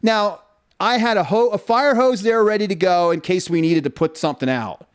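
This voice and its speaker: A man co-hosting a casual podcast, telling stories in an animated, jokey way and acting out what people said. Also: high-pitched, moderate pace, clean tone. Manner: animated storyteller, jokey, acts out quotes. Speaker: podcast co-host. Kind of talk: casual chat.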